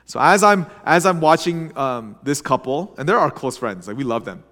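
A young adult man preaching as a pastor, telling a story in a chatty, animated way. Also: medium pitch, normal speed. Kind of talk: sermon with casual storytelling. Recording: long hall reverb.

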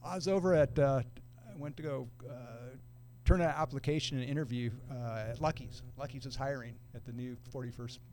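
A middle-aged man telling a long story in a relaxed, casual way, using surfer slang and acting out other people's quoted lines. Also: mid-range voice, fairly quick. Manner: laid-back surfer talk, acts out quoted voices. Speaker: podcast guest.

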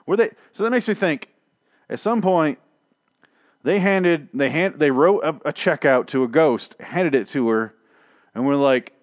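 A man's voice: on the high side, expressive, a little slow, dry recording. Man, casual reviewer, rambling and sarcastic, dry sound. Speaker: TV show reviewer. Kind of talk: casual recap rant.

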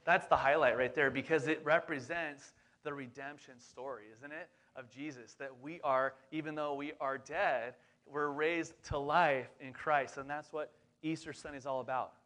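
A man's voice: on the high side, steady tone, moderate pace, fairly bright tone. A lead pastor in his forties preaching a casual sermon, chatty and upbeat, talking straight to the congregation with plenty of fillers and asides.

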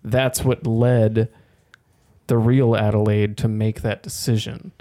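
A man co-hosting a podcast, recapping a film's plot in quick run-on stretches. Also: fairly low pitch, level tone, dark tone. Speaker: podcast co-host. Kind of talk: casual film-discussion chat.

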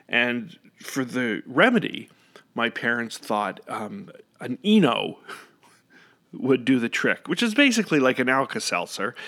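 A man's voice: medium pitch, a bit bright. A man telling a casual, rambling story into a close microphone, often correcting himself and laughing. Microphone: studio microphone up close.

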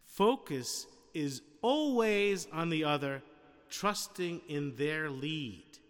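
A man's voice: fairly high pitch, animated, slow pace, long reverb tail. A man preaching a sermon in a conversational way, asking the congregation questions and acting out little scenes. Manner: conversational, with rhetorical questions and acted-out quotes.

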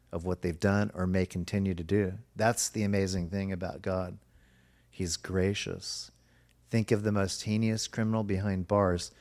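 Earnest preaching man, slightly low voice. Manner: earnest, emphatic preaching with sudden slow, soft stresses. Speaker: pastor. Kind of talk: sermon.

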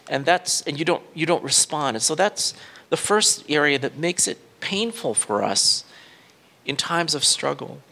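A man's voice: on the high side, animated, measured pace, creaky, sharp tone. A male pastor reading scripture and then preaching an earnest sermon, with frequent fillers and restarts.

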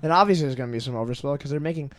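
A young man in a casual podcast chat, getting worked up and swearing as he talks. His voice is clear and resonant. It sits at a middle pitch and sounds dry and close to the mic. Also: racing, no echo. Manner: animated, ranting, swears freely. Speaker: podcast guest.

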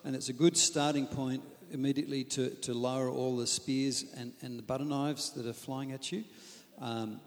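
A man preaching a lively, humorous sermon on marriage, acting out quoted asides. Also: medium pitch, moderate pace, few pauses, big-room sound. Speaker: pastor.

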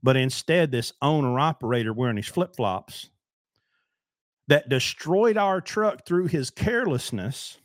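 A man's voice: a little high, no room sound, studio quality. A middle-aged man hosting a solo talk show, ranting bluntly and heatedly about trucking in a rambling way. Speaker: podcast host, trucking business owner.

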